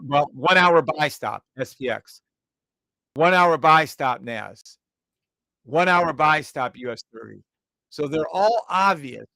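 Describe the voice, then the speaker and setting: A man hosting a live trading stream, calling out trades in quick repeated bursts, brash and profane, mocking imagined viewers. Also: a little high, vocal fry, pushed and bright, no echo, rough recording. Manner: mocks imagined viewers in a whiny voice.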